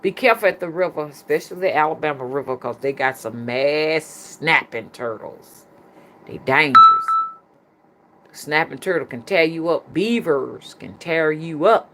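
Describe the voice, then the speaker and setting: A woman's voice: low-pitched, moderate pace, pushed and bright, slight background noise. A middle-aged woman with a Southern US accent, a spiritual reader chatting casually to her viewers and telling a story. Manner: colloquial, chatty, addresses the audience as "y'all".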